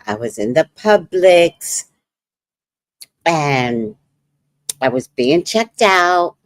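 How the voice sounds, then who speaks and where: Woman livestream host, psychic reader; low, slow, very expressive delivery. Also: no room sound, clean studio sound. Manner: animated storytelling, acts out dialogue. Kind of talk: casual livestream chat.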